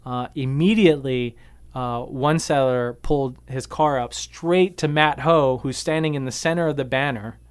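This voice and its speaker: Smooth-voiced man telling a story. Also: medium pitch, moderate pace, no echo. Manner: animated, many fillers, retelling events. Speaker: guest activist, veteran. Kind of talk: casual radio interview storytelling. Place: radio studio.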